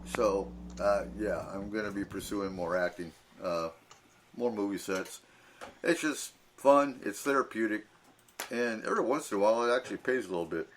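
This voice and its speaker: A man with a lowish voice hosts a radio talk show at a moderate pace, with a little hiss or hum audible. He tells anecdotes casually, laughing often, filling pauses freely, and acting out the voices of the people he quotes.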